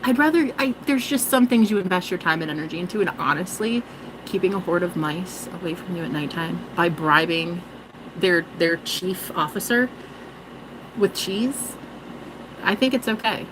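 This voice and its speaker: A woman's voice: fairly low pitch, normal speed, noisy background. A woman vlogging in a rambling, joking monologue, swearing and mocking herself. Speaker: spiritual vlogger.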